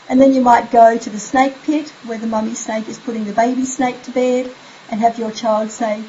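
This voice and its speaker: A woman giving bedtime tips for parents, speaking gently and unhurriedly, slipping into a soft, slow, sleepy voice to model bedtime phrases. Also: on the high side, steady tone. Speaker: parenting coach. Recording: slightly dull recording with faint hiss.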